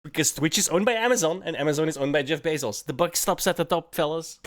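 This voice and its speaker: A man's voice: on the high side, fast. A young man streaming casual reaction commentary, mocking and swearing, often breaking into laughter.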